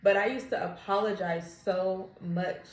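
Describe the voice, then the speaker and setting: Brief: young woman, mid-pitched, open storyteller, laughs easily, roomy echo. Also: fairly even intonation, measured pace. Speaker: podcast co-host. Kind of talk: casual chat.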